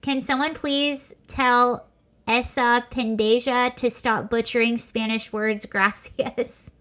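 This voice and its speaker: A woman with a somewhat high voice hosts a casual livestream. She chats sarcastically, laughs often and reads viewer comments aloud. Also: steady tone, slow, a bit bright. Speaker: livestream host. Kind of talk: casual chat reacting to clips and comments.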